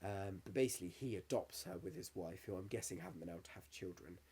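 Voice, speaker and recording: A man's voice: low voice, fast talker, darkish tone, slightly rough. A man in his thirties, co-hosting a podcast in casual chat, candid and sweary, getting emotional as he tells stories. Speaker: podcast co-host.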